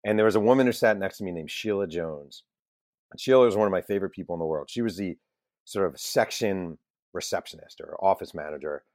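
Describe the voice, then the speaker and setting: A man with a very low voice, recorded dry and close with no room sound, tells anecdotes from his career in a chatty interview. He jumps into his stories with energy, laughs at his own mistakes and swears casually. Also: fast, dry recording. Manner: animated anecdotal storyteller, self-deprecating, swears casually. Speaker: guest journalist and author.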